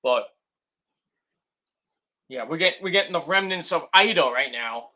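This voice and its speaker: Bright-voiced rambling guy, profane. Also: on the high side, animated, a little slow, highs cut off. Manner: rambling, profane, goes off on tangents. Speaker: wrestling review vlogger. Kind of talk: casual rambling commentary.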